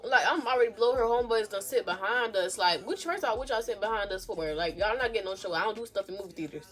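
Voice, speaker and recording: A sassy young woman tells a storytime to her phone camera in a casual, animated way. Her voice sits a little high and keeps jumping from loud outbursts to low, muttered asides, with light music under it. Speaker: vlogger.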